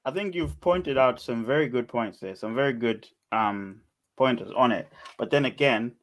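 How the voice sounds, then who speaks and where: A man's voice: medium pitch, normal speed, a bit bright. A man co-hosting a podcast, pressing the others with questions in an argumentative casual debate. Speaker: podcast co-host.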